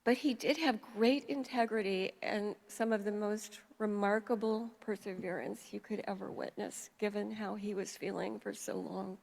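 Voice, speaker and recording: An older woman from New York giving a heartfelt memorial eulogy as a family friend, telling stories at a measured pace. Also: medium pitch, fairly even intonation, gravelly, a little mellow. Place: memorial service hall. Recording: long reverb of a hall.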